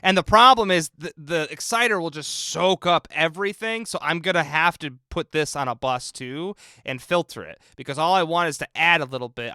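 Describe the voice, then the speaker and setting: A man's voice: fairly high pitch, bright, forceful tone, clean tone, dry recording, clean studio sound. A man, a film composer, chatting casually and thinking aloud as he mixes game music on a live stream and answers viewers in chat.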